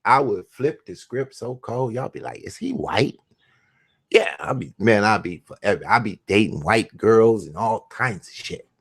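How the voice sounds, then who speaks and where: Hosting his own program, a man delivers a mocking, profane monologue that swings from shouts down to mutters. He speaks at a moderate pace in a lowish voice with a breathy edge.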